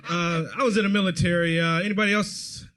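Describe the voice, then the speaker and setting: A man from Detroit doing stand-up, telling a story animatedly and shouting the punchlines. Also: sits high, fast talker, heavy background noise. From Detroit, USA. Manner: animated, laughing through punchlines, shouting quoted lines. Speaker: stand-up comedian contestant.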